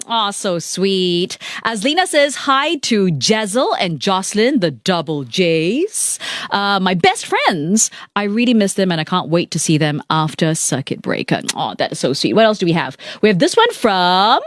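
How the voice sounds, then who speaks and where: A woman hosting a live radio show, chatting brightly and reading out listener messages from the studio. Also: mid-range voice, very animated, moderate pace, no echo.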